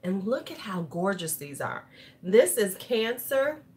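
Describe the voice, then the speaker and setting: Tipsy middle-aged woman, loud and chatty beauty vlogger, swears easily. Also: mid-range voice, big pitch swings, unhurried. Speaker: beauty YouTuber. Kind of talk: casual livestream chat.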